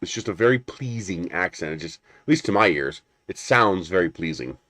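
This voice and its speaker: Low-voiced guy rambling on a live stream, chatty, laughs a lot, dry close sound. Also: animated, brisk, fairly bright tone, no echo. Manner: rambling, chatty, answers viewers, laughs often. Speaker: 3D printing livestream host. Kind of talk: casual live chat while unboxing.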